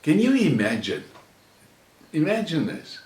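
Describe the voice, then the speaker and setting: A man with a South African accent delivering an angry, profane rant, mocking and contemptuous, swinging from shouts to low sneers. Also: huge pitch swings, measured pace. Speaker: channel host. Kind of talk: angry ranting monologue. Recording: roomy echo, mic at a distance.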